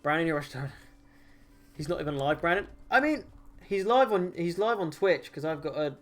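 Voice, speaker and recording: A man's voice: fairly high pitch, expressive, brisk, fairly bright tone. A man streaming a game live, chatting casually with viewers in silly, jokey banter and laughing often. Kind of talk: casual live-stream chat while gaming.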